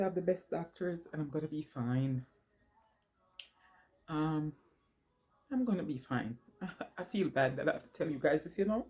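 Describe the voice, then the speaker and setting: A woman vlogger talking to her viewers while crying, halting and emotional, with many pauses and fillers. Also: deep voice, animated, darkish tone. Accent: New York. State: tearful, crying. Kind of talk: personal vlog confession.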